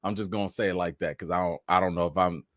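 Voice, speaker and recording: A man's voice: low-pitched, steady tone, quick pace, no echo, studio quality. A man hosting a casual live chat, greeting viewers one by one and telling chatty stories. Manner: laughing, chatty storytelling. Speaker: livestream host.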